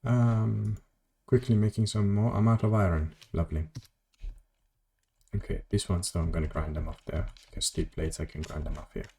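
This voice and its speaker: A man's voice: low-pitched, flat delivery, normal speed, creaky, mellow, slight background noise. A man streaming a game from his home office, chatting casually and rambling as he plays, correcting himself and answering chat. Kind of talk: casual gameplay commentary.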